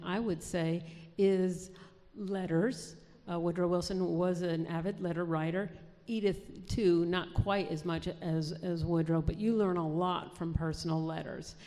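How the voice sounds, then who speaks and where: A woman's voice: lowish voice, mellow. A woman novelist from New Jersey answering interview questions in a chatty way, with many restarts. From New Jersey, USA. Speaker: historical fiction author, guest. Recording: long hall reverb.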